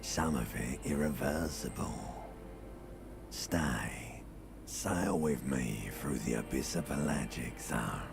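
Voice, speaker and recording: A man voicing an ancient, brooding primal brain in a game, coaxing in a slow, gravelly whisper. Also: very deep voice, exaggerated voice. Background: ambient game music.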